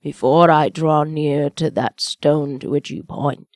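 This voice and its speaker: A woman's voice: sits low, fairly even intonation, takes it slowly, a little mellow, dry recording. A woman reading aloud, voicing an old miserly man who pleads urgently and cries out in alarm. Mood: fearful. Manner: urgent, rising to anxious cries.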